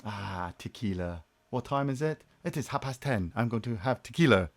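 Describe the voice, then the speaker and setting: A man co-hosting a game review show, casually commentating gameplay with jokes, swearing and loud acted-out bursts. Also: mid-range voice, a little fast. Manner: animated, jokey, acts out game characters in loud bursts, swears.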